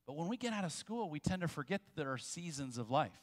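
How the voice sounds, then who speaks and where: A man preaching a sermon as pastor, telling jokes and stories with quick asides. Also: fairly high pitch, very animated. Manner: jokey storytelling with quick asides. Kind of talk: sermon with humor. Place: church sanctuary. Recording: long church hall reverb.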